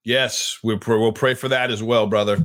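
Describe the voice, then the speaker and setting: A man's voice: fairly low pitch, steady tone, moderate pace, fairly bright tone. A male podcast host speaking with emphatic fervor, often doubling his words as he goes. He chats casually with his guest and slips easily into praying aloud. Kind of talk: casual Christian podcast chat and prayer.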